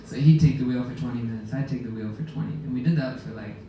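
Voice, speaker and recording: A man casually telling an animated sailing story to a live audience aboard a ship, laughing as he goes. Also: medium pitch, fast. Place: lounge aboard a ship, indoors. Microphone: phone camera in the audience. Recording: very echoey room, distant mic, faint background noise.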